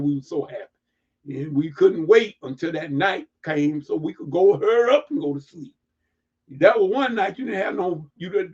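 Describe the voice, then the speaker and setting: A man preaching reflectively to an online audience, emphatic and repeating words as he builds to near-shouts. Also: high voice, husky, muffled recording. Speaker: livestream preacher.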